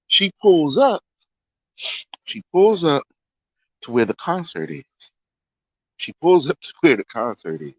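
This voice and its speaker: A man telling a casual story in an animated way, repeating phrases for emphasis. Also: fairly high pitch, unhurried, long pauses, dry recording, dull audio.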